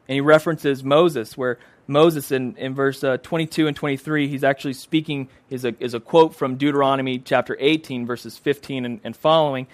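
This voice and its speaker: A man's voice: mid-range voice, steady tone, a little fast, few pauses, no room sound. A man preaching a sermon, emphatic and repeating phrases for stress.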